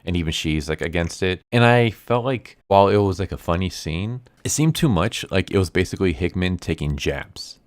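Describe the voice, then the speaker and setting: A man with a low, deep voice talks through a comic book review in a loose, casual way. He gets animated, acting out quoted lines in shifting tones. The sound is dry and close, with no room around it. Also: a little fast, hardly any pauses, no echo.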